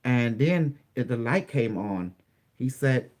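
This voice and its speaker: Halting man telling his story, English. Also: mid-range voice, animated, darkish tone. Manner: halting, repetitive storytelling with many restarts. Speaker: interview guest. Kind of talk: recounting a personal experience in an interview.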